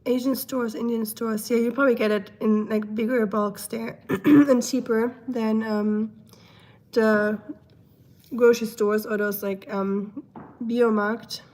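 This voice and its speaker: A young woman hosting a live stream, chatting casually and reading out comments. She is silly and laughs often, and her throat is full of mucus, so she keeps clearing it. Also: on the high side, little pitch movement, slow pace, a little mellow.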